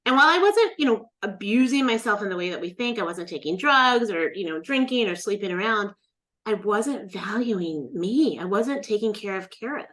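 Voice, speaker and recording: A middle-aged woman tells a long personal story in a relaxed interview. Her pitch swings widely as she acts out the other people in the tale. She talks into a podcast mic. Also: moderate pace. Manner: animated storyteller, acts out quoted voices. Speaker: guest.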